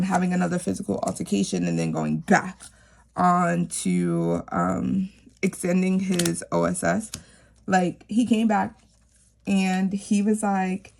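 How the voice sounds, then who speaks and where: A woman's voice: on the low side, vocal fry, darkish tone, a little hiss or hum. A woman chatting casually to camera about her savings challenges, rambling with lots of fillers. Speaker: savings vlogger; teacher.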